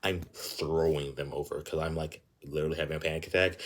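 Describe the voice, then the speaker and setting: Young guy, real deep voice, rambling story w/ lots of "like" and cussing. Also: fast, few pauses. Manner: animated, filler-heavy, profane ranting. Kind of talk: casual storytelling monologue.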